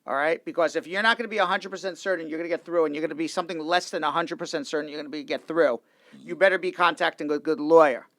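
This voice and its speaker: A male immigration lawyer hosts a casual legal talk show in a studio, speaking animatedly and circling back through his sentences. His voice sits a little high with a gravelly edge. The sound is dry and close. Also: racing, dry recording. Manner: animated, restarts and repeats himself.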